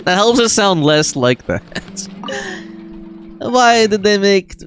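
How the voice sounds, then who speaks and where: A man's voice: high-pitched, big pitch swings, slow, a bit bright, a little hiss or hum. A man streaming a game, chatting casually and thinking aloud as he plays. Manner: rambling, thinking aloud with laughs. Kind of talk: casual gameplay chat. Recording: faint game music behind.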